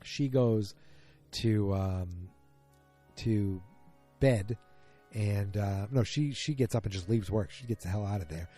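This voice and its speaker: Mellow low-voiced man rambling casually. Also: slow pace, long pauses, faint music behind. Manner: rambling, self-correcting storyteller. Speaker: podcast host. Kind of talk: casual solo recap podcast.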